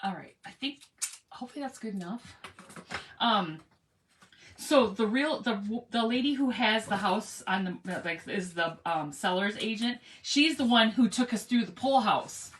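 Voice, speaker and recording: Chatty bright-voiced woman crafting live. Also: mid-range voice, expressive, a little slow, slight background noise. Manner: chatty, rambling, greets viewers by name, laughs often. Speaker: craft livestream host. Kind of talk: casual chat while crafting.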